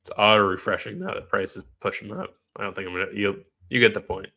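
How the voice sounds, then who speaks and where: A man with a lowish, creaky, pushed and bright voice speaks quickly, sounding nasal and stuffed-up. He live-streams trading commentary casually, thinking aloud and answering questions from chat.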